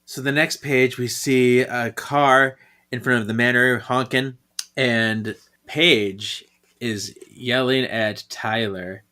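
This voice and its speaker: A man co-hosts a relaxed podcast, talking through a comic in loose casual chat. He thinks aloud, hedges his points and laughs often. His voice sits at an ordinary middle pitch. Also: slow. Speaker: podcast co-host.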